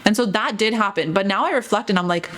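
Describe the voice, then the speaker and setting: A woman co-hosting a podcast, telling a story in casual chat, animated and full of "girl" and "okay". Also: medium pitch, quick pace. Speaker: podcast co-host.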